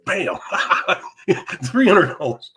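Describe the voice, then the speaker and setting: A lively man spinning a long story. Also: medium pitch, moderate pace. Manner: animated, laughing, repeats words, mild cursing. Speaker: podcast co-host. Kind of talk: casual storytelling chat.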